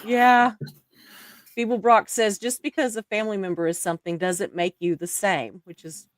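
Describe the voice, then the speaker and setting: A woman's voice: medium pitch, steady tone, moderate pace, no room sound, studio quality. A woman with an accent hosting a live stream, reading viewer comments aloud and laughing often. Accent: non-native English accent.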